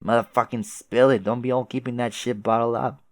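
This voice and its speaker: A man voicing a laid-back, profane young male troll clown with a loud, easygoing drawl. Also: mid-range voice, little pitch movement, brisk, no room sound, lightly acted.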